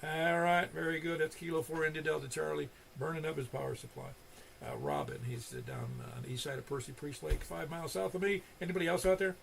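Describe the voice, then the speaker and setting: A man's voice: on the high side, lively intonation, quick pace, creaky, fairly bright tone, a little hiss or hum. An older man hosting an amateur radio net, telling stories in a rambling, casual way full of restarts. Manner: rambling storyteller with many restarts. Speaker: net control host. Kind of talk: casual ham radio chat.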